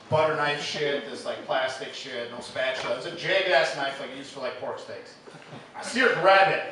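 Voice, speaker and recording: A man from Illinois doing a stand-up comedy set, telling his stories casually with lots of fillers and quick acted quotes, on a stage mic. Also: fairly high pitch, pushed and bright. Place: live comedy venue. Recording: echoey room taped from far off with noise.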